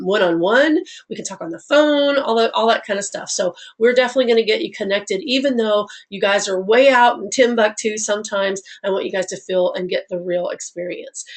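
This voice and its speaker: A woman in her forties with a Southern US accent, from Alabama, giving a live online class with a stuffy nose from a cold, friendly and rambling, with many fillers. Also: medium pitch. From Alabama, USA. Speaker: online instructor.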